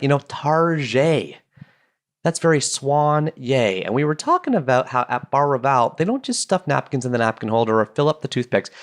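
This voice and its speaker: Guy doing his podcast from the basement, playful chatty tangents, voice jumps up and down a lot. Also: on the high side. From Canada. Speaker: podcast host. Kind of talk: solo podcast monologue. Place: home basement.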